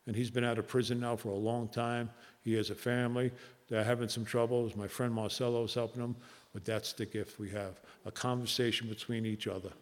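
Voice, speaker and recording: Man with a New Jersey accent, earnest meeting speaker, halting with fillers, mid-pitched, long hall reverb. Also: little pitch movement. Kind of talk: personal storytelling talk.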